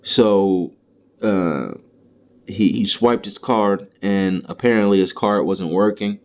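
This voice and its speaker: A man's voice: on the low side, slow pace, clean tone. A man hosting a podcast, delivering a heated, profane, rambling comedic rant. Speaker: podcast host. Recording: dull lo-fi recording.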